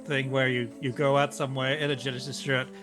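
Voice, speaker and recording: A man's voice: medium pitch, little pitch movement, fast talker. Male co-host, eager conversational tone, music plainly audible underneath. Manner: enthusiastic, with short murmured replies. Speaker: podcast co-host. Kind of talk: casual chat.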